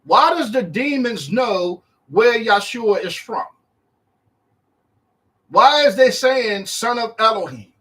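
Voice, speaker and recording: Man, high voice, casual Bible study, reads verses then riffs, acts out quotes. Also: slow pace. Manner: animated, acts out the disciples' and Yahshua's words in a higher voice; conversational, uses slang while reading verse by verse. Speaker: Bible teacher. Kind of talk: informal Bible teaching.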